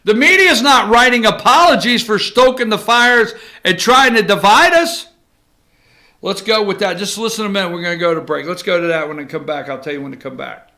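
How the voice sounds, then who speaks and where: A man's voice: sits high, fairly quick, bright, forceful tone. A male talk show host giving emphatic, opinionated commentary and cueing his producer between clips. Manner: ranting, emphatic, cues the producer.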